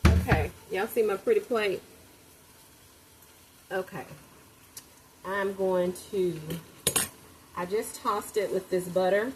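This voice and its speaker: Middle-aged woman talking y'all style while cooking at home, loud frying sizzle behind her. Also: mid-range voice, slow pace, long pauses, very noisy. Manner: chatty, addresses viewers as "y'all", excitable exclamations. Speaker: home cook vlogger. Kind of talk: casual cooking vlog chat. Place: home kitchen.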